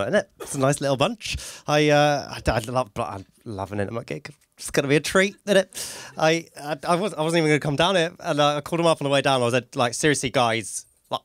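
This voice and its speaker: A man's voice: on the high side, animated, quick pace, hardly any pauses, dry recording. A man doing a rambling stand-up routine in front of a small live audience, with lots of "right?" tags and laughing asides. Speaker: stand-up comedian.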